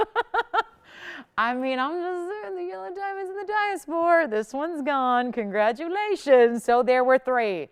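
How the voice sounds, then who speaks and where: A woman's voice: sits high, lively intonation, measured pace. A woman hosting a live jewelry shopping show, chatty and enthusiastic, laughing often as she sells.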